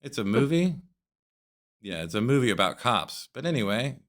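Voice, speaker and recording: A man's voice: mid-range voice, very animated, normal speed, a bit bright. A man hosting a podcast, trading crude jokes in casual chat. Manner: crude, joking banter. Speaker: podcast host.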